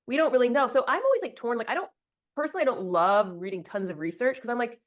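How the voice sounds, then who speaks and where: A woman hosting a podcast interview, chatting casually with lots of fillers and quick affirmations. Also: a little high, lively intonation. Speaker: podcast host.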